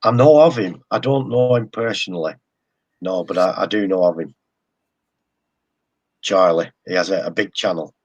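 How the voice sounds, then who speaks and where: English man, low husky voice, halting guest chat with repeated words. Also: a little mellow, dull audio. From England. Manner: hesitant, repeats words, chuckles often. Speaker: guest model railroader. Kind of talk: casual live-stream chat.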